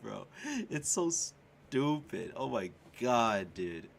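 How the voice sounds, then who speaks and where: Excitable, profane young male streamer. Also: medium pitch, takes it slowly, gravelly. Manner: excitable and profane, laughs often and shouts at chat. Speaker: streamer and music composer. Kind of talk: casual livestream chat.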